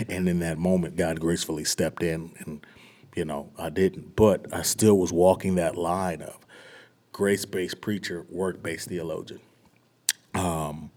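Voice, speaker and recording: Low-voiced man sharing an earnest testimony. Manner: earnest and searching, often dropping to a hushed, near-whispered delivery. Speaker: pastor. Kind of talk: personal testimony to a small group.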